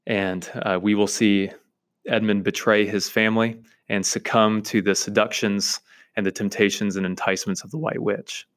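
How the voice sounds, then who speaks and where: A man's voice: lowish voice, little pitch movement, moderate pace, fairly bright tone. A man hosting a literature podcast, emphatically lecturing on a novel chapter in repeated lists. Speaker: podcast host teaching literature. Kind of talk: reading and analysing a novel chapter.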